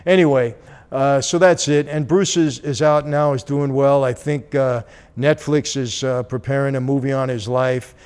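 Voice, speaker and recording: Animated man telling a story. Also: medium pitch, normal speed, clean tone. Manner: animated, acts out dialogue. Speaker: channel host. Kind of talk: casual storytelling.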